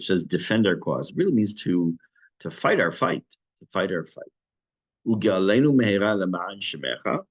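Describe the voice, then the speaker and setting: A man teaching an online class on prayer, reading Hebrew phrases and explaining them in English with a lively teacher's delivery. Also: deep voice. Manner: lively teacher's delivery, rising on key words.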